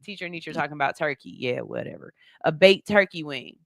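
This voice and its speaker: Quick and animated, this middle-aged radio host has a low, creaky voice. She laughs and slips into slang while casually reading out listener comments, and the studio recording is clean with no room sound.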